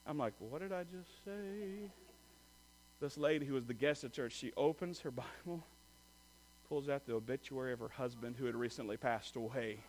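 A man preaching a sermon as a pastor, telling stories and acting out quoted voices, swinging from loud to soft. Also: medium pitch, fairly even intonation, a little fast.

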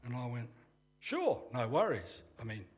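A man's voice: medium pitch, huge pitch swings, unhurried. Older Australian man, plain-spoken testimony storyteller with a dry, conversational delivery. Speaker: testimony speaker.

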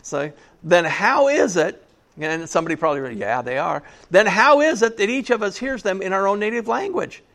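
A man's voice: sits high, expressive, normal speed, fairly bright tone. A man preaching a sermon in a church, conversational and jokey, often asking the congregation questions. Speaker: pastor.

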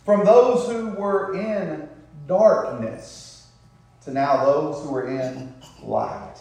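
High-voiced preacher in a very echoey church. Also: male voice, vocal fry, darkish tone. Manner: call-and-response preaching, rhetorical tag questions; drawn-out emphatic words. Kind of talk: sermon. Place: church sanctuary. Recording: very echoey room, voice far from mic.

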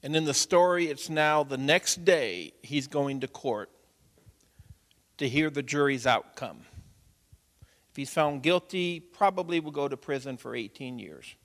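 A male pastor preaching a sermon, moving from quiet storytelling to loud, urgent exhortation. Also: fairly high pitch, unhurried. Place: church sanctuary. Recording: long hall reverb.

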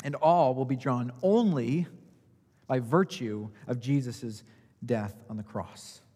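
Husky male preacher in a reverberant hall. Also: mid-range voice, slow, dark tone. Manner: rhetorical questions, rising and falling emphasis. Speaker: pastor. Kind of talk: sermon.

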